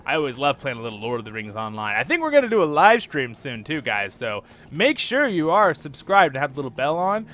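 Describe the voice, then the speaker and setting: A man's voice: on the high side, sing-song, fairly quick, few pauses, a bit bright, dull audio. A man hosting a gaming channel, chatting enthusiastically and rambling while he plays. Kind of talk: casual gameplay commentary.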